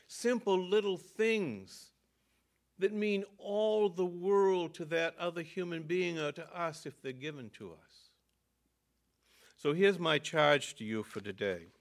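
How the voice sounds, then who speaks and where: An older man, a pastor, telling a personal story in an earnest sermon with halting restarts. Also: a little high, gravelly.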